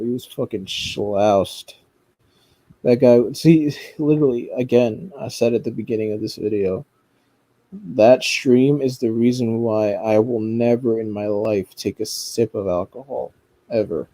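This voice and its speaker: A man's voice: mid-range voice, a little slow, dark tone, no room sound. A man giving casual, rambling commentary, swearing often and restarting his sentences. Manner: rambling, profane, frequent fillers and restarts. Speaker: commentary streamer.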